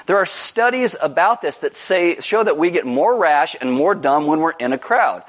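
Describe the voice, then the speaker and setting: Animated joking male pastor, high voice. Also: a little fast, hardly any pauses. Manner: animated, acts out quotes with loud high shouts; joking, self-deprecating. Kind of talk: sermon with storytelling.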